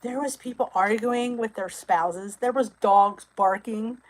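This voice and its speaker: A middle-aged woman from New Jersey hosting a casual live-stream chat, chatty and quick to laugh as she answers viewer comments. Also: fairly high pitch, rough recording. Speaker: weight loss channel host.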